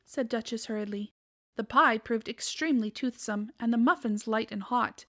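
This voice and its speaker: A woman host narrating a classic children's storybook aloud in a gentle, measured way. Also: a little high, dry recording, clean studio sound.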